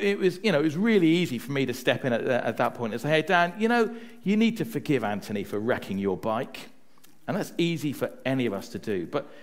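Relaxed and conversational, a male preacher delivers a sermon with a pitch that rises and falls as his story unfolds. He's chatty, often tossing in "right?" to check in with listeners, and slips into personal anecdotes to drive his point home.

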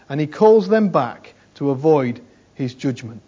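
A man's voice: a little high, expressive, a little slow, a little mellow, breathy edge. A man preaching a conversational sermon, repeating phrases for emphasis and often saying "you know". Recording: dull lo-fi sermon recording.

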